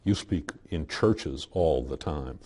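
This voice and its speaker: A man interviewing a guest in a TV studio, his voice extremely deep with a husky grain. He asks his questions in a calm, measured way, and his tone is dark and mellow. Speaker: television interviewer. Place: television studio.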